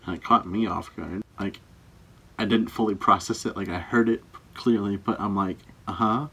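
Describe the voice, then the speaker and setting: Low husky young man, dry teasing. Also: fairly even intonation, normal speed, fairly bright tone. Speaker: boyfriend in a couple's tag video. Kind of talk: casual chat.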